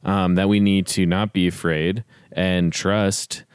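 A man in a relaxed Bible discussion, easygoing and filler-heavy, chuckling as he talks. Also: low-pitched, slow pace, clear, resonant tone, no room sound, clean studio sound. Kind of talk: casual Bible study discussion.

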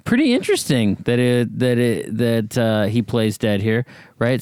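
A man's voice: medium pitch, sing-song, a little slow, a little mellow, smooth, dry recording. A man talking through a Bible passage in casual discussion, explaining things and often checking in with "right?". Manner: conversational, explains with rhetorical "right?".

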